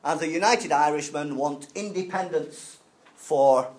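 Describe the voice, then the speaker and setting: Here a man teaches classroom history in a slightly high, darkish voice, captured on a rough recording. He hesitates constantly, filling gaps with sounds and starting sentences over, and pitches his explanations plainly for learners.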